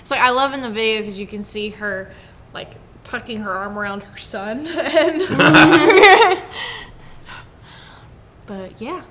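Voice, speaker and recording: A woman's voice: a little high, animated, slow, long pauses, pushed and bright. A young adult woman co-hosting a podcast, chatting casually and retelling a news story with frequent laughter. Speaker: podcast co-host, news segment host.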